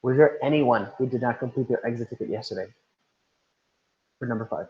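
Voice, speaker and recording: A man's voice: medium pitch, a little fast. A man teaching an online class, repeating instructions and calling on students by name over a video call. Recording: roomy, dull lo-fi sound.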